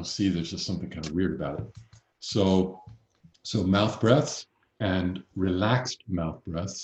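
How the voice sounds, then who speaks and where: A man working as a voice coach, calmly explaining breathing and resonance with slow, measured pauses. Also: sits low, reverberant, dull audio. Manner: calm, explains slowly with pauses. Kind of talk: expert advice in a conversation.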